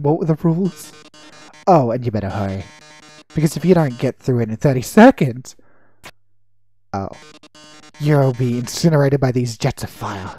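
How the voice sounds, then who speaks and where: A gamer voicing a flamboyant male robot TV star, reading the game's lines in a drawn-out, melodramatic way. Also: medium pitch, mellow, lightly acted. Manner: melodramatic, drawn-out theatrical delivery. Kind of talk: reading game dialogue aloud in voices.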